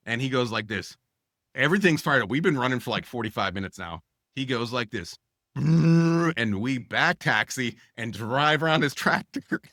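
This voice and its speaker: A man co-hosting a podcast, telling a long anecdote in a casual, animated way and acting out the dialogue, with many fillers. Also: mid-range voice, no room sound, studio quality. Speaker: podcast co-host. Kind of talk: casual storytelling.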